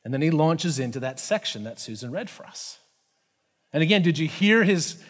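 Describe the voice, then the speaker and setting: A man preaching a sermon in a conversational, animated way, with frequent asides and fillers. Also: a little high, a little fast. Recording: reverberant hall.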